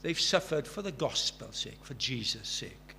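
A man's voice: mid-range voice, lively intonation, a little slow, gravelly, bright, forceful tone. A man in his sixties preaches a sermon with a middle-range voice. He tells stories in an earnest way and builds to fervent emphasis. A faint hum runs under the recording. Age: 60s. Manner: earnest, rising to fervent emphasis, storytelling asides.

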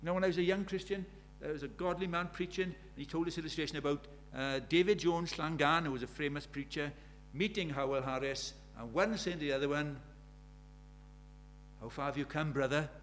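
An older man preaching a sermon, earnest, swinging between quiet reflection and emphatic, pleading passages. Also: on the high side, quick pace, few pauses, a little hiss or hum. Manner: earnest, swinging between soft and emphatic, acts out quoted prayers.

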